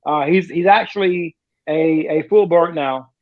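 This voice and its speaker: A man, a retired sergeant major telling profane, animated stories in casual chat. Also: a little high, measured pace, narrow, tinny audio. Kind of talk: casual storytelling.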